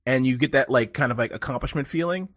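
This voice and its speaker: A man telling a long story in casual chat, animated and rambling, with lots of fillers and swearing. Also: medium pitch, fast, no echo, studio quality.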